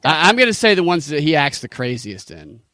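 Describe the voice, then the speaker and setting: Rambling, teasing man, slightly high voice. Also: big pitch swings, a little fast, pushed and bright, dry recording. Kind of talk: casual chat.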